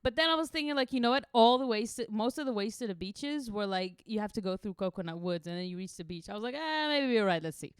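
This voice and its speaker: A woman's voice: mid-range voice, fast talker, few pauses, clean tone, no room sound, clean studio sound. A young woman from Israel, a podcast co-host, telling a wild travel story casually, swearing freely and laughing through it.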